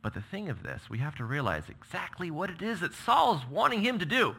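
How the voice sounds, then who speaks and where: A man's voice: a little high, sing-song, fairly quick, gravelly, a bit bright, slightly rough. A man preaching a sermon, reading scripture with emphatic, dramatic delivery. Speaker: pastor.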